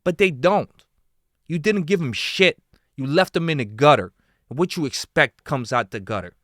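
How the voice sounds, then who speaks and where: A man's voice: a little high, expressive, moderate pace, fairly bright tone, dry recording, studio quality. A man giving heated reaction commentary, swearing often and firing off rhetorical questions.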